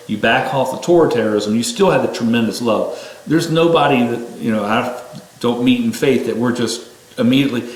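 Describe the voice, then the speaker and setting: A man giving an informal sermon-style talk, rising sharply in pitch when he exhorts his listeners. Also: reverberant, low-quality recording.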